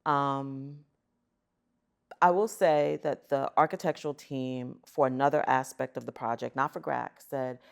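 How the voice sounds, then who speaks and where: A middle-aged woman, a guest on an interview show, telling stories in an animated, emphatic way. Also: rumbling low, measured pace, gravelly, smooth. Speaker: guest, arts center chief executive. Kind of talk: conversational storytelling.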